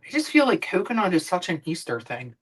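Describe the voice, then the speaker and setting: A woman's voice: on the low side, sing-song, fairly quick, slightly rough, poor audio. A woman streamer chatting casually while she cooks, rambling and swearing now and then. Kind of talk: casual chat while cooking.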